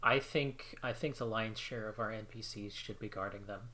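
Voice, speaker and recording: A man's voice: lowish voice, normal speed, bright, forceful tone. A man playing a tabletop game, easygoing and thinking his plans out aloud. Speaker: player. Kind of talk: casual tabletop play.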